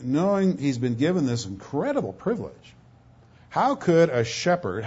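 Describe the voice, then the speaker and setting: A man preaching a sermon, emphatic, swinging from loud stretched words to low asides, often repeating words as he goes. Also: husky. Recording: dull lo-fi recording.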